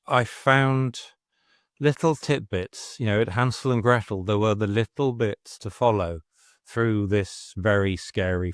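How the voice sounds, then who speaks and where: A man's voice: fairly low pitch, dry recording, clean studio sound. A middle-aged man speaking frankly and with exasperation as a podcast guest, swearing freely as he tells his story. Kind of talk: candid conversational storytelling.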